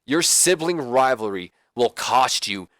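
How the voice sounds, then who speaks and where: A man voicing an arrogant male wrestler who taunts in a slow, sneering delivery. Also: medium pitch, animated, a bit bright, no room sound, clean studio sound.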